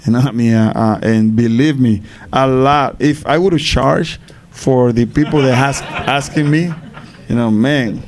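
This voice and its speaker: A man from Panama, answering fan questions at a live Q&A. He speaks haltingly, repeats words and laughs between answers. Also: medium pitch, darkish tone.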